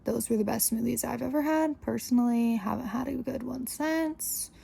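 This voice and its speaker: Creaky-voiced young woman telling a story. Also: fairly high pitch, moderate pace, dark tone. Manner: chatty, exasperated, full of "like". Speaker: podcast host. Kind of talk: casual storytelling monologue.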